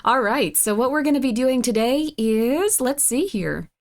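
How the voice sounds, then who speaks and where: Woman, live-stream chat, rambling, squealy pitch swings, slightly high voice. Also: animated, a little slow.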